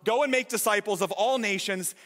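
A man preaching a sermon as pastor, energetic and emphatic. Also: high-pitched, brisk, in a large hall. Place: large church hall.

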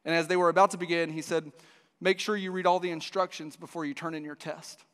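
A man's voice: fairly high pitch, little pitch movement, quick pace, a bit bright, clean tone. A man preaching a sermon to a church, telling a story with frequent restarts. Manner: storytelling with many restarts, voices the dialogue. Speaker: pastor. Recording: long hall reverb.

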